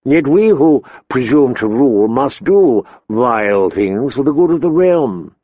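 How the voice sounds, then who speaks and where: A sly, oily courtier purrs his words softly and slowly, as a man puts him on for an audiobook. The voice sits close and dry on a slightly dull recording. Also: medium pitch, lively intonation, no echo. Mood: ingratiating. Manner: soft, slow, ingratiating. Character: soft-handed oily male courtier, smooth and sly. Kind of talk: audiobook character voice.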